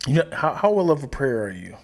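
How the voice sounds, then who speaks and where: A male podcast co-host in relaxed, loose conversation. His voice moves up and down a lot, swinging widely with each joke. He teases his partner and laughs easily. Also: mid-range voice, fast. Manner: playful, teasing, laughs often. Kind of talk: casual chat.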